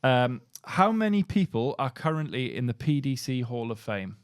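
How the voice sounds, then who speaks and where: Brief: young man, quizmaster host, dry close-mic sound, brisk and joking. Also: mid-range voice, sing-song, smooth, dry recording. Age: young adult. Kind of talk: casual podcast quiz. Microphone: podcast mic on video call.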